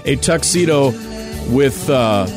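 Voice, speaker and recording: A man's voice: medium pitch, animated, slow pace, over music. A man co-hosting a morning radio show, chatting casually and jokingly with his co-host. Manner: jokey, laughs often, tries silly accents. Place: radio studio.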